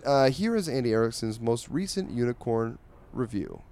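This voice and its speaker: A man hosting a comedy podcast at a middle pitch for a man. He rambles with plenty of ums and uhs, delivering mock-earnest appeals and ad reads in a loose, casual chat. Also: animated, moderate pace, darkish tone, no echo. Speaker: podcast host.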